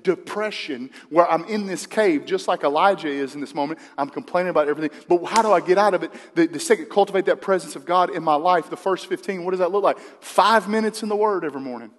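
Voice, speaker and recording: A man's voice: high voice, fast, few pauses. A man preaching a sermon to his congregation in a conversational way, asking the room questions. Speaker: pastor. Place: church sanctuary. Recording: long hall reverb.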